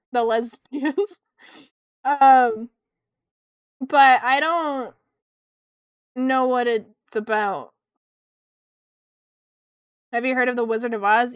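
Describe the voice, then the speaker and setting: A young woman chatting casually with her viewers while drawing on stream, excitable and quick to swear. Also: high voice, smooth, no room sound, clean studio sound. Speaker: art streamer.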